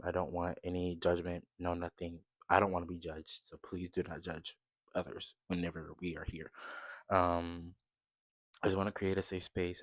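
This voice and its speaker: A man's voice: fairly low pitch, no room sound. A man in his twenties from the United States, chatting casually and rambling to camera from his bed, turning upbeat as he shows things off. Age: 20s. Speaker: vlogger.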